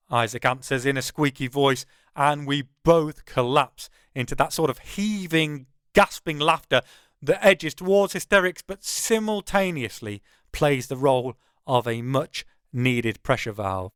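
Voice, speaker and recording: Smooth-voiced male narrator. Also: medium pitch, unhurried, fairly bright tone, no room sound, clean studio sound. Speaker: author narrating his own audiobook. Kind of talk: first-person audiobook narration.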